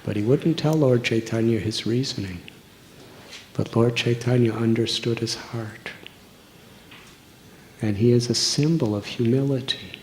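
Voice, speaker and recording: A man's voice: medium pitch, a little mellow, a little hiss or hum. A man, giving a sermon as a monk in an earnest, storytelling way. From United States. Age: 60s. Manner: slow, earnest storytelling with long pauses. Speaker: monk giving a religious discourse.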